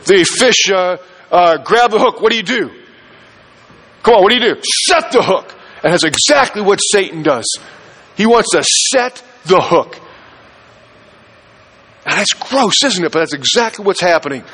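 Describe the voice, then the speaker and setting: A man's voice: sits high, fairly bright tone, rough recording. A man preaching a sermon as pastor, emphatic, repeating key phrases and firing rhetorical questions at the congregation.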